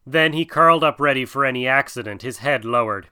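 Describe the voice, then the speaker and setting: A man narrating a classic tale as an audiobook in a measured, expressive reading. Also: mid-range voice, smooth.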